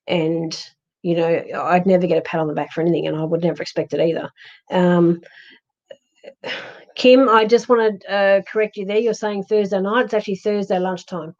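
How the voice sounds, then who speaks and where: A woman's voice: mid-range voice, darkish tone. Chatty Australian woman, lo-fi stream. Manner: chatty, reassuring, many ums and restarts. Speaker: psychic medium livestream host. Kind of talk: live-stream chat reading viewer comments.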